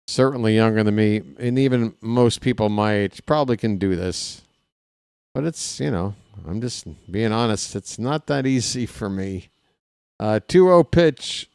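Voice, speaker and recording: A man doing casual live play-by-play of a ballgame, chatting straight to his viewers between pitches with candid, self-deprecating asides. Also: a little mellow, clear, resonant tone, dry recording, studio quality. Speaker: play-by-play commentator.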